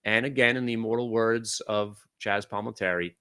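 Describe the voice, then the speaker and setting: Loudmouth trading room guy, bright punchy voice, swears a lot, yells then mutters. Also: fairly low pitch, normal speed, clean tone. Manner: brash, excitable, swings from loud outbursts to mutters; swears casually. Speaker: day-trading room host. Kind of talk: live trading commentary.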